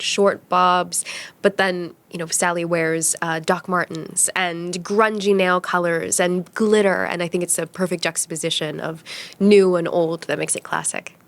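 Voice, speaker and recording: A woman, a stage actress, answering a press interview in a bubbly, expressive way. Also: lowish voice.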